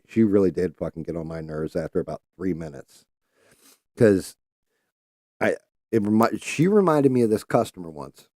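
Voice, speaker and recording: A man's voice: fairly low pitch, warm tone, dry recording, clean studio sound. A man hosting a livestream, ranting in a casual, profane, heated way. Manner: profane, heated, mocking quoted callers. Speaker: livestream host. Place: home streaming setup.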